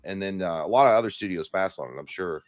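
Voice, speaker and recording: A man co-hosting a casual livestream discussion, laid-back and offering counterpoints, often trailing off quietly. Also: sits low, quick pace, no echo, clean studio sound. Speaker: podcast co-host.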